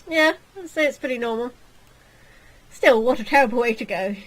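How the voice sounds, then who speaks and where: A woman's voice: on the high side, moderate pace, a bit bright, poor audio. A woman hosting a game playthrough, reading the text aloud with playful, jokey asides. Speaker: let's play host.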